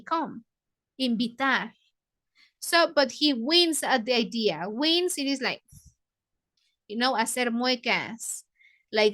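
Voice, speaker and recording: A book club leader from Mexico, a woman whose first language is Spanish, explains a novel to English learners in a bright, high voice. She paraphrases lines and glosses words in Spanish.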